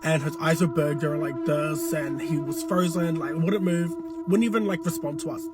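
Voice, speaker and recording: A man in his twenties telling a scary story from his school days in a loose, casual way, full of fillers and swearing, from a dark room. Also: on the high side, fairly even intonation, normal speed. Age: 20s. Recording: loud background music. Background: music.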